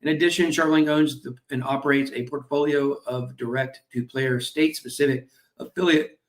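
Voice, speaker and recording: With a mid-range voice, fairly even intonation, and a moderate pace, a man hosts a crypto stream through a streaming mic. Sounding a little tired and yawning, he casually reads and comments on company news, adding jokey asides, fillers, and apologies.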